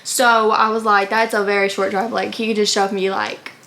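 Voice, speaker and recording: A young adult vlogger shares a personal story in a mid-range, slightly bright voice that stays fairly flat in pitch and moves fairly quickly. She wanders off track, fills gaps with "like," and acts out quotes, with slight background noise.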